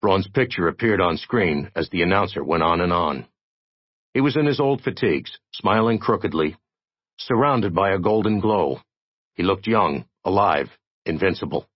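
A man narrating an audiobook with expressive, steady storytelling. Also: low voice, normal speed, husky, dry recording, muffled recording.

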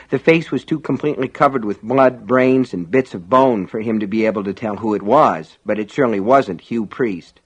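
A man reading an audiobook in a measured, dramatic storytelling manner. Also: mid-range voice, a bit bright. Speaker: audiobook narrator. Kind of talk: scripted audiobook narration.

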